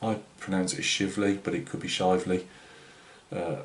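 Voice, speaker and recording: A man's voice: deep voice, steady tone, quick pace, darkish tone, a little hiss or hum. A British man with a Northeast English accent, hosting a scale-modelling channel in casual, rambling vlog chat full of fillers and restarts. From Britain. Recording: roomy echoey room.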